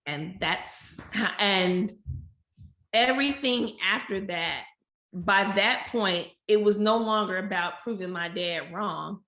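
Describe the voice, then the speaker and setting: A woman guest on a podcast, telling a personal story candidly and acting out quoted dialogue with lively shifts of voice. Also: medium pitch, slow. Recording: roomy echo.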